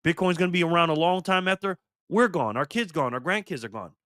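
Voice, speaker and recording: A man's voice: on the high side, fast talker, fairly bright tone, no room sound, studio quality. An older man hosting a casual live stream, fired up and swearing, greeting viewers in the chat by name. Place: garage.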